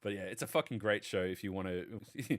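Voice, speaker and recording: Profane man, low voice. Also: fast talker, fairly bright tone. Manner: profane, rambling enthusiastic storyteller. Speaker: podcast panelist. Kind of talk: casual chat.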